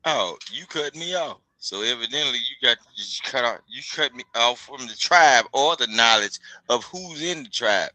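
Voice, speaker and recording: A man's voice: mid-range voice, lively intonation, normal speed, few pauses, bright, forceful tone, dry recording, poor audio. A man talking in casual chat, telling things in a profane, streetwise way. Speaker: podcast guest.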